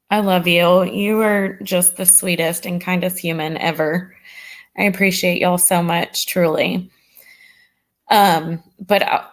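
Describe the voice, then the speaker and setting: A woman hosting a casual true crime livestream, chatting with viewers. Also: on the low side. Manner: chatty, warm toward chat, says "y'all" often.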